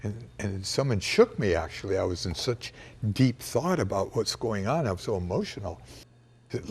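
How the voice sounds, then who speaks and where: An older man telling a personal memory in a reflective, emotional way, dropping to a hush at times. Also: fairly low pitch, animated, normal speed, slightly rough. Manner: reflective and emotional, with quiet hushed passages. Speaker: storyteller recounting a personal memory. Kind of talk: personal storytelling to camera.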